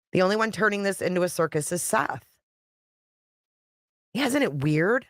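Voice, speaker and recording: A woman's voice: medium pitch, animated, unhurried, dry recording. Chatty woman live-streaming, dry sound. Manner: chatty, laughs often, swears casually. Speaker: YouTube creator live-streaming. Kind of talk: casual live-stream chat reading comments.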